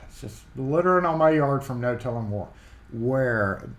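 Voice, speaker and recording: This livestream host from Mississippi speaks with a Southern accent in a mid-range voice, animated and at a normal speed. He rambles casually and reads out comments from viewers, all from a home workshop with a roomy echo.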